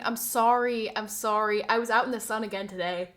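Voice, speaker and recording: Speaking at medium pitch and a moderate pace, a young streamer chats with her live audience, venting gossip and reacting to the chat with animation.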